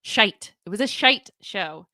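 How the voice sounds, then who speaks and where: Bright-voiced woman hosting a live reaction. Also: mid-range voice, moderate pace, no room sound, studio quality. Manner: animated, laughing, reacts with disbelief while reading. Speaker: commentary livestream host. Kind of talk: live reaction commentary, reading texts aloud.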